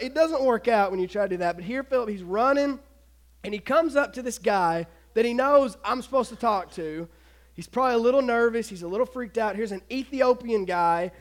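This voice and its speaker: A man giving a casual, animated youth sermon, retelling a story and acting out the voices of the people in it. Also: high voice. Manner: animated, acts out voices, laughs often.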